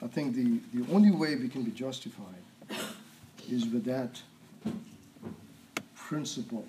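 A man preaching a sermon, stressing and repeating key words and often clearing his throat. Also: medium pitch, unhurried, background noise.

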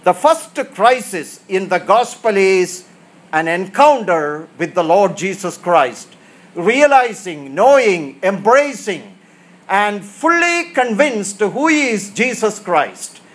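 High-voiced man preaching a sermon. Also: big pitch swings, slow pace, fairly bright tone. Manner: emphatic, repeating phrases for stress.

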